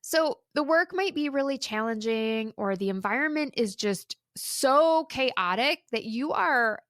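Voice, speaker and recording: A woman's voice: high-pitched, unhurried, dry recording, clean studio sound. A woman in her thirties hosting a solo career-coaching podcast, talking in a chatty, candid way and acting out the stories she tells. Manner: chatty, candid, animated storytelling.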